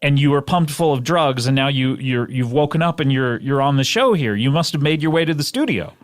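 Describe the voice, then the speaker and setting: A man's voice: mid-range voice, animated, fairly quick, no echo. A man hosting a comedy podcast, playful and wry, often laughing. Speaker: podcast host.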